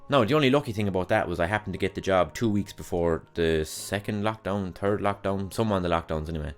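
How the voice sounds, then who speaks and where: A man's voice: deep voice, fast, few pauses, faint music behind. A young man hosting a podcast, telling rambling, sweary stories about his past jobs with exasperated humor. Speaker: podcast host. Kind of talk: casual solo monologue.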